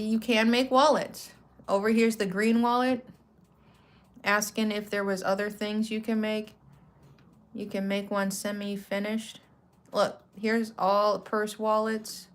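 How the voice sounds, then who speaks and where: Woman, craft vlogger, casual and chatty, rambling, self-correcting, middle pitch. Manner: rambling, chatty, corrects herself mid-sentence; relaxed slang-filled talk. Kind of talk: casual chatty product walkthrough.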